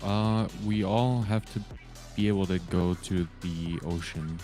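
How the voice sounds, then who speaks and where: A player talking quietly about a fishing game with friends on a call, low-key and focused. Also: fairly even intonation, measured pace, faint music behind. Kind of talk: casual gaming chat. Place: voice chat while gaming.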